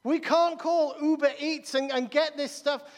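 A man's voice: very high-pitched, fairly even intonation, measured pace, voice pushed up. A preacher voicing flustered male disciples who plead again and again about where the food is, in a church with a long reverb. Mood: panicky. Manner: panicky, pleading, repeating himself.

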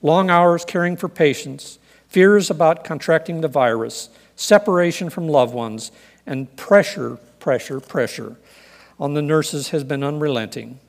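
A man preaching a sermon in an earnest, measured way, reading scripture and telling stories. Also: fairly high pitch, creaky, in a large hall. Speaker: pastor.

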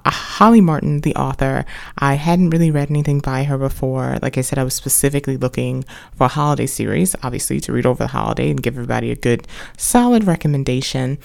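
Chatty woman with a gravelly fry. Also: very deep voice, darkish tone. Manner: chatty and rambling, with many restarts and wry asides. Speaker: podcast host reviewing books. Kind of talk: casual spoken book review.

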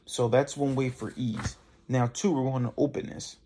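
A man's voice: medium pitch, steady tone, normal speed, dark tone, slight background noise. A young man hosting a podcast, giving casual voice tips in a loose, conversational way and demonstrating the exercises himself. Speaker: podcast host. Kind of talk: casual instructional talk.

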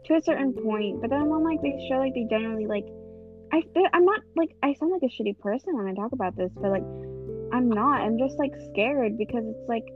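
Higher-voiced teen girl, tinny sound. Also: a little fast. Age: teens. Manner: earnest, rambling, frequent restarts. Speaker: co-host. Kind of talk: casual chat. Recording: tinny phone-like sound, background music.

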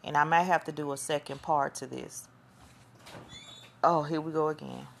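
Woman podcast host, low gravelly voice, rambling casual monologue. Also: steady tone, normal speed, slight background noise. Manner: chatty, rambling, loses her train of thought.

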